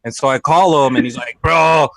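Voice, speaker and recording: A man co-hosting a podcast, retelling his own fights in a boastful, animated way and loudly acting out quotes. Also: medium pitch, moderate pace. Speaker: podcast co-host. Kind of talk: casual storytelling chat.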